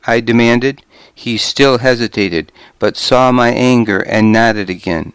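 A man reading a first-person story aloud, grim and measured, in a dry close studio recording. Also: medium pitch, clean tone, dry recording. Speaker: audiobook narrator. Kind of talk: first-person scripted narration.

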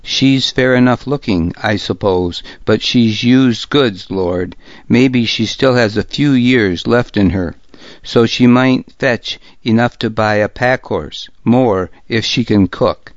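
A man's voice: medium pitch, takes it slowly, no room sound, muffled recording, lightly acted. A man voicing a stubborn young lord bargaining in an audiobook. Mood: dismissive. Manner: haggling, stubborn. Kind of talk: audiobook character voice.

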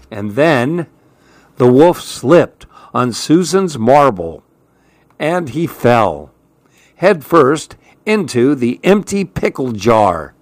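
A man hosting a story program, reading children's stories aloud in a gentle, even way. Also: mid-range voice, slow pace, dry recording.

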